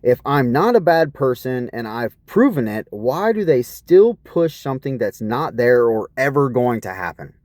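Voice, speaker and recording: A man vents a long, rambling personal account in a put-upon, profane tone. His pitch swings up and down a lot, and his voice is dark and mellow. The recording is close and dry, with no room sound. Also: big pitch swings, moderate pace, few pauses, no room sound. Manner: aggrieved, profane, repeatedly asks what is wrong with people. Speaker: vlogger.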